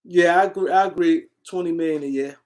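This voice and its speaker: A man hosting a casual sports livestream, answering comments and shouting out viewers in the chat. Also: a little high, fast. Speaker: livestream host.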